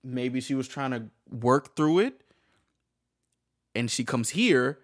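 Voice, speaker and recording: Guy reacting to a true crime vid, lots of bro and like, stumbles around, mid-pitched voice. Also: expressive, no echo, studio quality. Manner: halting, filler-heavy slang talk. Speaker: reaction video host. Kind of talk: casual reaction commentary.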